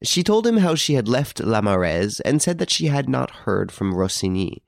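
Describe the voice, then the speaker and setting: A man narrating a classic novel as a scripted audiobook, in a measured, even storytelling manner. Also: mid-range voice, gravelly, no echo, clean studio sound.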